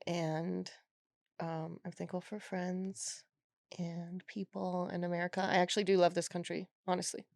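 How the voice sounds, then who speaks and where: A woman's voice: on the low side, flat delivery, moderate pace, vocal fry, darkish tone, dry recording. A woman from Canada with a Canadian accent, a stand-up comedian chatting as a podcast guest, joking in a blunt, profane way. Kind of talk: casual podcast chat.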